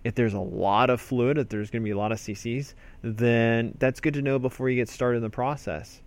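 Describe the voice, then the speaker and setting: A man's voice: mid-range voice, steady tone, brisk. A man, an emergency physician, teaching a medical procedure in a conversational, explanatory way. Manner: conversational, explanatory, with fillers and restarts. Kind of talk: spoken medical lesson.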